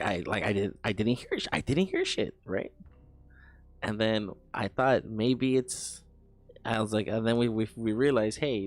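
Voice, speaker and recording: A young man casually telling a rambling story while editing video, swearing often and restarting his sentences. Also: fairly low pitch. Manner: rambling, profane, with many restarts.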